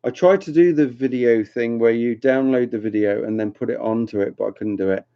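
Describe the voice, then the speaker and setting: A man's voice: mid-range voice, fairly quick, warm tone, clear, resonant tone. A man hosting a casual livestream, rambling and chatty as he reads comments and teases viewers, often laughing. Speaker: livestream host reading chat. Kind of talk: casual live chat with viewers. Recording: dull lo-fi home stream audio.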